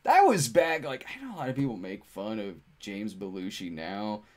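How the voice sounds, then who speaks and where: A man's voice: fairly low pitch, very animated, moderate pace, a little mellow. Guy rambling on a livestream, ums and laughs, reads out viewer questions. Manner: rambling, filler-heavy, laughs often. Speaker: co-host reading viewer questions. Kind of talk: casual livestream chat.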